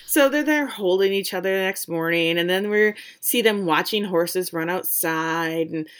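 A woman's voice: on the low side, moderate pace, clean tone. A woman co-hosting a casual chat, recapping a story with wry, blunt commentary. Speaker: podcast co-host recapping a film.

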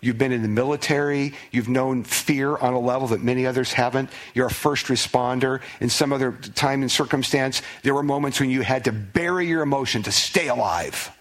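A man's voice: medium pitch, brisk, hardly any pauses, a bit bright. A man preaching a sermon as pastor, earnest, often repeating words as he restarts.

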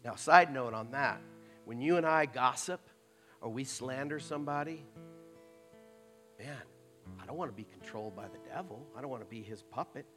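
A man preaching a sermon in a conversational way, dropping into soft mocking asides. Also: medium pitch, normal speed, long pauses, soft background music. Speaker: pastor.

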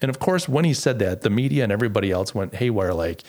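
A man's voice: medium pitch, big pitch swings, fast talker, few pauses, a little mellow. A man hosting a political talk show, reading quotes from an article aloud with sarcasm and plenty of restarts. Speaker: podcast host.

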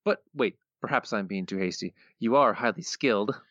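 A man's voice: on the low side, moderate pace, fairly bright tone, dry recording, natural voice. Man putting on a scheming old tycoon boss, gloating, mock-menacing, dry, dull lo-fi sound. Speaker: podcast co-host.

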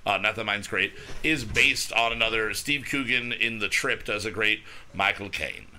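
A man's voice: lowish voice, lively intonation, moderate pace, pushed and bright, a little hiss or hum. A man in his thirties chatting casually on a podcast, rambling and self-deprecating. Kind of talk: casual chat.

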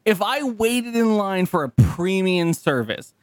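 A man co-hosting a casual podcast, ranting in exasperation and tripping over repeated words. His voice sits fairly high and swings widely, with a dry, close sound. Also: big pitch swings, measured pace, no echo. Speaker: podcast co-host. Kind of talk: casual chat.

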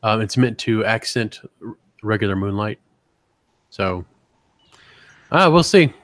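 A man's voice: on the low side, lively intonation, a little slow, a bit bright, no echo. A man co-hosting a podcast, chatting loosely with lots of fillers and swearing. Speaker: podcast co-host. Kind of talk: casual banter.

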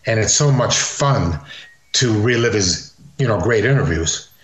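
An older man, a retired wrestler, telling animated stories as an interview guest and slipping into quick impressions. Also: fairly low pitch. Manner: animated storyteller, slips into impressions. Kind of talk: casual storytelling interview. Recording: roomy echo.

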